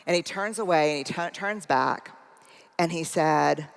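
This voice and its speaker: A woman's voice: lowish voice, fairly quick. A woman giving a keynote talk, telling a personal story and acting out both sides of a conversation. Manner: animated storyteller acting out dialogue. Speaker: speaker. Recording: long hall reverb.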